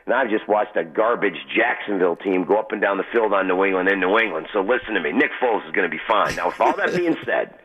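A man calling in to a radio show as a sports betting guest, telling his stories in a boastful, rapid way. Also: sits low, expressive, slightly rough. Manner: boastful, fast storytelling. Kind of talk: casual radio interview. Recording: phone-line call-in audio.

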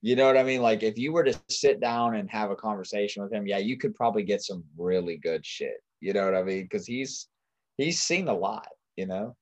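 A man's voice: lowish voice, a little fast. A man chatting casually as a podcast guest over a remote mic, laid-back and often asking "you know what I mean". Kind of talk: casual crude podcast chat. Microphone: remote mic held far off.

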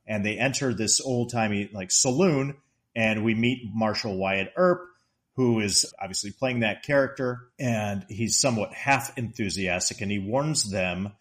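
A man co-hosting a podcast, casually retelling movie scenes in an animated way, laughing often and quoting the characters in a raised voice. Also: lowish voice, measured pace. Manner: laughs often while talking. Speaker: podcast co-host discussing a movie.

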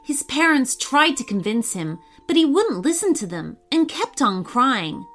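A woman hosting and narrating a children's story in an expressive, animated read-aloud manner. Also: high voice, measured pace, faint music behind. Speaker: host and storyteller.

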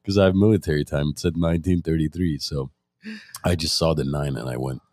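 A man co-hosting a casual podcast, joking and throwing in quick quips. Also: a bass voice, steady tone, a little mellow, no room sound, studio quality. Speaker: podcast co-host.

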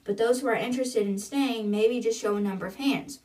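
A woman's voice: a little high, a little fast, darkish tone, lightly acted. A woman voicing a determined teen girl who leads her classmates, speaking steadily and persuasively, a bit far from the mic. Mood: earnest.

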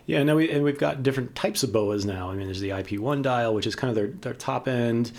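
A man co-hosting a casual podcast chat, relaxed and chatty, laughing easily. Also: mid-range voice, fairly quick, gravelly. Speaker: co-host.

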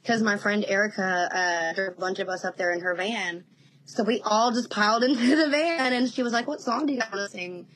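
Chatty mom telling stories, laughing often. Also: female voice, mid-range voice, a little fast, a bit bright, slight background noise, low-quality recording. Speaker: guest. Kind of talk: casual storytelling interview.

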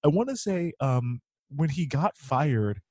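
A man's voice: a little high, animated, slow pace, mellow, no room sound. Chatty man with a dry sound. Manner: chatty, swears freely, laughs often. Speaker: podcast co-host. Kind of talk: casual chat about a movie.

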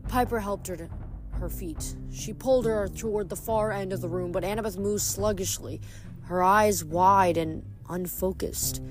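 Expressive woman reading a novel aloud. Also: mid-range voice, moderate pace, soft background music. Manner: expressive, dramatic narration. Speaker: audiobook reader.

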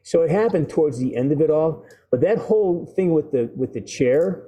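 Man, middle-aged, guest actor, video call, animated storyteller, salty language, restarts. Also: a little high, moderate pace.

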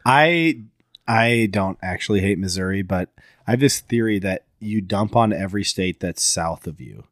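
A man co-hosting a casual podcast chat, playful and trying quick impressions. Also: deep voice, lively intonation, no room sound, clean studio sound. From Iowa. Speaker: podcast co-host.

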